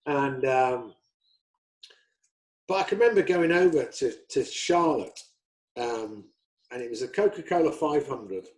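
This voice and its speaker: A middle-aged English man, a guest racing driver, telling stories in casual chat, animated and swearing freely. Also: medium pitch, rough recording.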